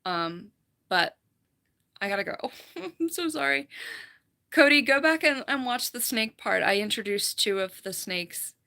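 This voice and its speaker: A woman's voice: a little high, expressive, a little slow, vocal fry, pauses often, sharp tone. A woman hosting a casual live stream from home, chatting with her viewers, giggling often, her voice worn and slightly fried. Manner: chatty, giggly, rambling, reads chat aloud. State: voice worn, slight vocal fry. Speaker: livestream host, falconer. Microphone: computer mic.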